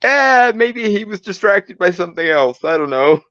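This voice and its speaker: A man's voice: sits high, expressive, normal speed, fairly bright tone, dry recording. Male co-host, wry and questioning, dry, muffled recording. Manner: wry, puzzled commentary. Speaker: podcast co-host. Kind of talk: casual chat. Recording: dull lo-fi sound.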